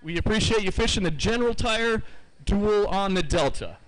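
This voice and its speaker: A man's voice: sits high, animated, normal speed, low-quality recording. A man emceeing a live fishing tournament weigh-in outdoors, upbeat and chatty, reading out each weight twice. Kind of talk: live event announcing.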